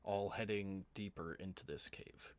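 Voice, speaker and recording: A man narrating as game master of a tabletop game, calmly describing the scene. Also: low-pitched, a little slow. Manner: calm, descriptive scene-setting.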